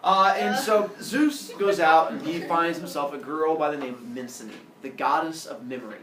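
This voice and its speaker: A male teacher telling myths to his class in a jokey, animated way, acting out the characters. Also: a little high, normal speed, a crowd in the background. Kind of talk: storytelling lesson. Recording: roomy classroom audio from far off.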